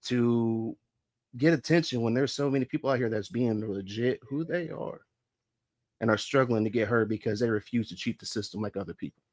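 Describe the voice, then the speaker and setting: A man hosts a livestream show at an ordinary mid pitch, swearing freely as he rants. He is blunt and confrontational and circles back to repeat himself for emphasis. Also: a little fast, darkish tone. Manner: profane and confrontational. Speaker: podcast host. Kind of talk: heated livestream rant. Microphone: streaming mic.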